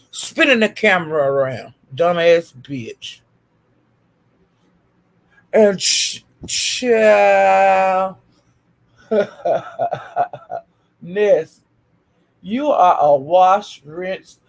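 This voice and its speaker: Gravelly, profane woman ranting. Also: mid-range voice. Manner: profane, scolding, repetitive insults. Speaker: YouTube commentator. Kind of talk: ranting commentary.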